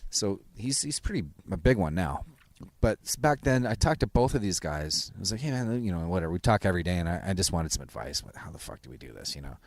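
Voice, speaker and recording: A man's voice: sits low, animated, a little fast, gravelly, no echo. A man hosting a podcast in casual conversation, swearing freely and restarting sentences. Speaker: podcast host.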